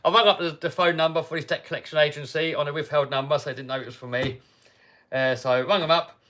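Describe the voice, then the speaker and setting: A British man hosting a livestream, telling a story casually and animatedly, dropping to mutters and rising to loud outbursts. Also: on the high side, steady tone, quick pace. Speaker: livestream host.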